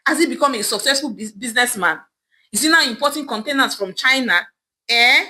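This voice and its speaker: A bitter, wealthy young woman, scolding her parents in a scornful, angry voice, as a woman narrator voices her. Her pitch rises and falls widely as she taunts them in this told folktale. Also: animated, brisk, sharp tone.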